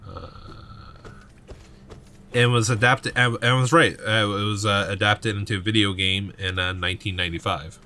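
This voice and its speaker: A man's voice: lowish voice, fairly even intonation, normal speed, pushed and bright. A man co-hosting a let's play, chatting casually about games with lots of fillers, restarts and swearing. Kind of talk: casual chat while gaming.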